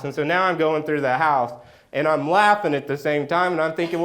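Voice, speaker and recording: A man preaching a sermon as pastor, telling a personal story and acting out the scenes with loud outbursts. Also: on the high side, fairly quick. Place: church sanctuary.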